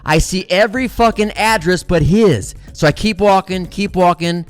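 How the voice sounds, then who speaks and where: A middle-aged man with a slightly high voice tells a comic story, cursing freely and getting excitable. His delivery is loose and animated, with faint music underneath. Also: normal speed. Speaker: comedian host.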